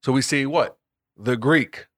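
A man's voice: medium pitch, a little slow, fairly bright tone, no room sound, clean studio sound. A man leading a casual group Bible discussion, explaining word by word, often repeating and restarting phrases and breaking into laughter. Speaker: Bible study leader.

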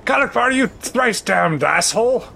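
A man's voice: a little high, normal speed, slight background noise. A man playing a cussing, furious rogue woman. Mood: scornful shouting. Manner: cussing, shouting, sneering. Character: foul-mouthed woman rogue, fiery and scornful.

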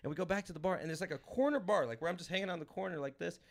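A man in his thirties from Los Angeles, a comedian hosting a podcast, telling a rambling story with animated energy and laughing as he goes. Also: high-pitched, rapid-fire, gravelly. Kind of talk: casual storytelling chat.

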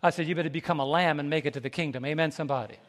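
A male pastor preaching a sermon, folksy and animated, calling out to the congregation and laughing between stories. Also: a little high, very fast, in a large hall, noisy background. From United States. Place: church sanctuary.

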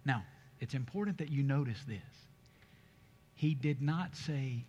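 A man's voice: mid-range voice, measured pace, darkish tone, breathy edge, muffled recording. A man preaching a sermon as pastor, with emphatic rises and strong stresses on key words. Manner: preaching with emphatic, rising delivery. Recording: long hall reverb.

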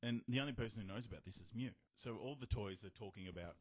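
A man's voice: fairly low pitch, quick pace, few pauses, slightly rough, dry recording. A man hosting a casual chat, retelling a film and acting out lines in exaggerated voices. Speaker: podcast host.

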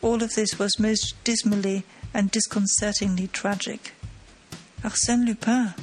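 A woman narrating an audiobook of a classic mystery in a measured, dramatic storytelling manner. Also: medium pitch, flat delivery, faint music behind, low-quality recording. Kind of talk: scripted narration.

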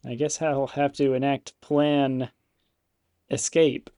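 A man voicing a huge old hermit who talks in a calm, matter-of-fact way. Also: medium pitch, slow, clean tone, no echo, studio quality, close to an everyday voice. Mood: dry, calm.

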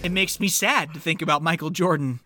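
A woman's voice: low-pitched, a little fast. A woman co-hosting a podcast, chatting casually and throwing in wry jokes about a movie. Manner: wry, joking, lively. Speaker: podcast co-host. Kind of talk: casual chat.

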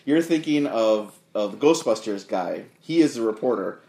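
A man's voice: lowish voice, moderate pace, gravelly. A man co-hosting a podcast, casually retelling film scenes and acting out the lines. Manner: animated retelling, acts out quotes. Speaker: podcast co-host. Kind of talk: casual movie review chat. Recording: echoey room.

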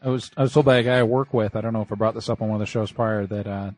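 A man co-hosting a podcast, chatting casually with dry, deadpan quips. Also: lowish voice, rapid-fire. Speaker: podcast co-host. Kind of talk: casual chat.

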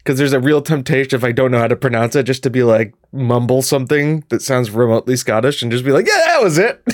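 A man co-hosting a podcast in casual chat, rambling with many restarts and quick asides. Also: mid-range voice, steady tone, dry recording, clean studio sound. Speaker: podcast co-host and gaming video creator.

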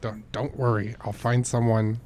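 A man's voice: mid-range voice, little pitch movement, moderate pace, a little mellow, a little hiss or hum. A man playing a son in comedic role-play, casual and sarcastic.

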